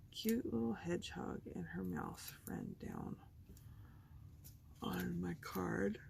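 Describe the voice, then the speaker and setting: A woman's voice: on the low side, huge pitch swings, takes it slowly, gravelly, pauses often, dark tone, a little hiss or hum. A woman hosting a craft video, chatting casually and thinking aloud as she works at her table. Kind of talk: casual chat while crafting.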